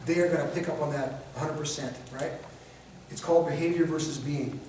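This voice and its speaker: Guy giving a training lecture, high voice, animated, echoey room from far off. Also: fairly quick, slight background noise. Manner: animated, acts out examples in mocking voices. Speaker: de-escalation trainer. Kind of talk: classroom lecture.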